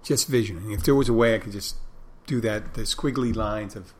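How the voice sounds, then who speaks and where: Low-voiced man rambling to his listeners. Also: fairly quick. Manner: meandering, self-correcting, loses his thread. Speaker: podcast host. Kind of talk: casual rambling monologue.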